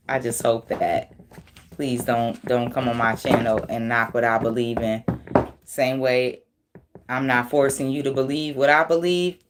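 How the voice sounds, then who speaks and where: Woman tarot reader: deep voice, relaxed pace, blunt, profane, quick to laugh. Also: background noise. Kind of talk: casual tarot reading.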